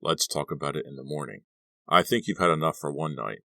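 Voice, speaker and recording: A man voicing a gruff middle-aged police officer father who speaks in a businesslike drawl, recorded dry and close. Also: very deep voice, brisk, bright, forceful tone, no echo, heavily acted.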